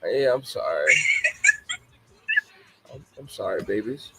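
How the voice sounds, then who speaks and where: A man's voice: fairly low pitch, animated, slow pace, background noise. A man in his forties hosting a casual live talk show, laughing often and apologizing to young listeners he calls babies. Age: 40s. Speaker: show host.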